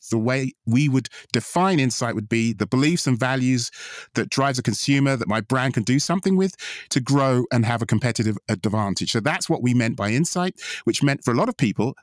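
A man's voice: medium pitch, no echo, studio quality. A man co-hosting a podcast, making his case confidently and stressing key phrases by repeating them. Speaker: podcast co-host. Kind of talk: pitching ideas in conversation.

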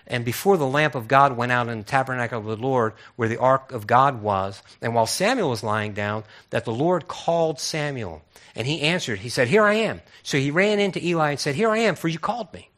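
A man preaching a sermon as a pastor, telling the story with lively acted-out voices and frequent repeated words. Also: medium pitch.

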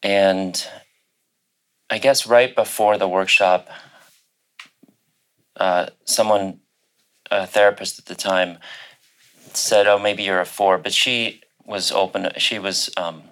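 A man's voice: low voice, fairly even intonation, slow pace, pauses often, fairly bright tone. A middle-aged man telling a personal story as a guest on a panel, hesitant, with many fillers and restarts.

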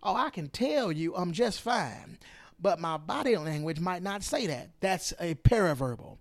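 A man delivers a podcast monologue in a fairly high, very animated voice. He hammers his points home by repeating phrases, now loud, now hushed. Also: a little slow. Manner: emphatic, repeats phrases for stress, swings between loud and hushed. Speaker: podcast host. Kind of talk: opinionated political monologue.

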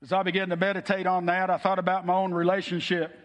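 Middle-aged male pastor with a high-pitched voice, earnest heartfelt preaching, recorded with long hall reverb. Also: completely flat delivery, quick pace, dull audio. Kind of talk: sermon.

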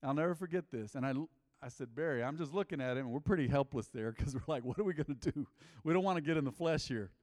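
A man preaching a sermon, telling a personal story with lively acted-out quotes and shifts between loud and quiet delivery. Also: mid-range voice, fast. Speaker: pastor. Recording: long hall reverb.

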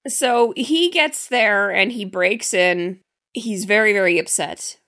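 A woman's voice: mid-range voice, slow, sharp tone. A woman co-hosting a podcast, recapping a film's plot in an easygoing, casual way. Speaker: podcast co-host. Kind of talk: casual film discussion.

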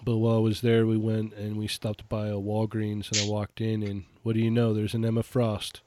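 Male co-host, low-pitched, relaxed storyteller, dry close sound. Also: brisk, no room sound. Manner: laid-back, laughing, storytelling. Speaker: podcast co-host. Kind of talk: casual chat about toy collecting.

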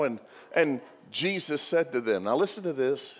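A man's voice: medium pitch, animated, normal speed, long reverb tail. A male pastor giving a sermon in a church, telling the story with humor and joking asides.

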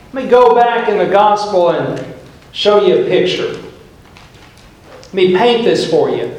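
A man's voice: high voice, darkish tone. A male pastor preaching a sermon, emphatic, and painting scenes as he tells the story. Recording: very echoey church room.

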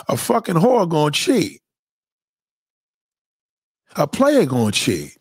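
A man's voice: fairly high pitch, huge pitch swings, slow, pauses often, breathy edge, dry recording, studio quality. A man hosting a livestream, ranting in a crude, profane, emphatic and repetitive way. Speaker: livestream host. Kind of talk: unscripted livestream rant.

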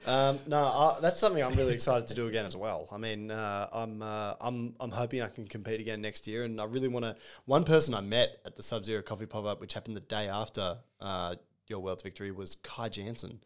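A man's voice: lowish voice, a little fast, hardly any pauses, clean tone. Jokey podcast host, man. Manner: upbeat, jokey, playful. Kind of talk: casual podcast interview.

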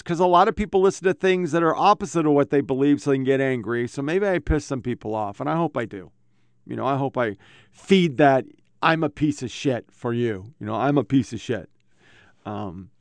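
A man's voice: mid-range voice, clear, resonant tone, dry recording. A man hosting his own podcast, telling rambling, profane stories to his own microphone at a home computer setup. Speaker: podcast host. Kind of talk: casual rambling monologue.

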